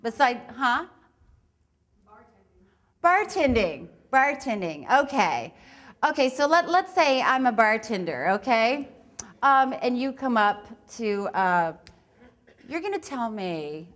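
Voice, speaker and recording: A woman's voice: fairly high pitch, animated, measured pace, fairly bright tone. A woman giving a live talk on improv, chatty and laughing often between her points. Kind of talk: live talk with audience exercises.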